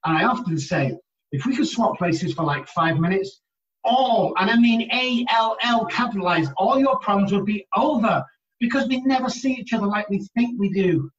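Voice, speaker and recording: A man's voice: high voice, normal speed. English man, distant muffled recording. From England. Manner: animated storyteller who stresses key words. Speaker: guest, addiction recovery specialist. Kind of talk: storytelling interview answers. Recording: distant, muffled, roomy remote audio.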